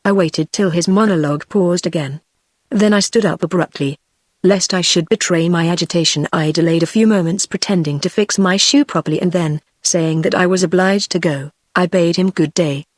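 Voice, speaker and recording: A text-to-speech woman's voice with a British English accent, reading a classic story as an audiobook narrator in an even, steady way. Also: on the low side, normal speed, no echo, clean studio sound.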